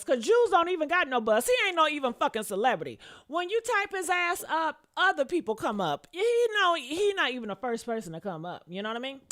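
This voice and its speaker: Sassy, lively woman dishing celebrity gossip. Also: a little high. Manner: sassy and blunt, calls listeners "honey", swears freely. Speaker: host of a gossip commentary show. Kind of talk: casual celebrity gossip commentary, reading comments. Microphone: camera mic with headphones on.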